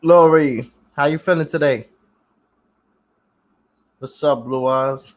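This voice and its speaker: A man's voice: on the high side, slow. Laid-back man chatting on a livestream. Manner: laid-back street slang, repeats phrases. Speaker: livestream host reading comments. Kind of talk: casual livestream chat.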